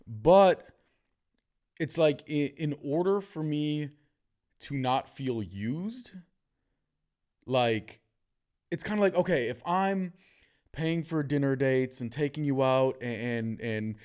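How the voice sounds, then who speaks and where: A man's voice: medium pitch, slow pace, pauses often, clean tone. A man hosting a podcast, telling stories in casual chat with frequent laughter and fillers. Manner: animated, laughs often, many fillers. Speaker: podcast host.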